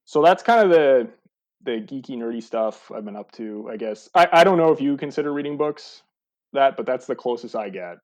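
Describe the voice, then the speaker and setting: A man's voice: mid-range voice, lively intonation, normal speed, darkish tone. A man appearing as a podcast guest from home, talking in a wry, hesitant way with many ums. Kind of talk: casual podcast chat. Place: home, recording remotely. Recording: slightly dull lo-fi remote line.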